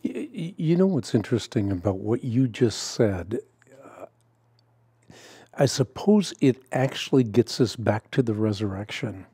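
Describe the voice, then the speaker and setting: A man hosting a podcast interview, speaking in a measured way with hesitant fillers. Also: medium pitch, expressive, dark tone, husky, no room sound. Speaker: podcast host. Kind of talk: conversational interview.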